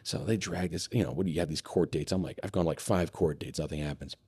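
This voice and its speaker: A man's voice: low voice, fast talker, a little mellow, breathy edge. A man talking as a podcast guest, candidly telling a personal story in a casual conversation, swearing freely and with many fillers and restarts.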